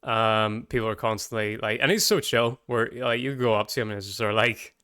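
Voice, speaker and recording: Bright, chatty male podcast host. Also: lowish voice, clear, resonant tone, dry recording, clean studio sound. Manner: rambling, chatty, quick tangents. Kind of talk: casual podcast chat.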